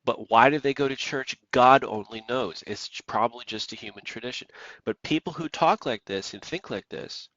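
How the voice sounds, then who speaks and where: A man's voice: mid-range voice, normal speed, a bit bright, no echo, muffled recording. A man preaching on the radio, emphatic and repeating phrases for stress. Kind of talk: preaching monologue.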